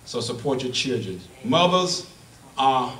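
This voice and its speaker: A man's voice: medium pitch, sing-song, measured pace, a bit bright, far from the mic. A middle-aged man preaching a sermon in a church, folksy and repetitive, often restarting his phrases. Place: church sanctuary. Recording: echoey church room from afar.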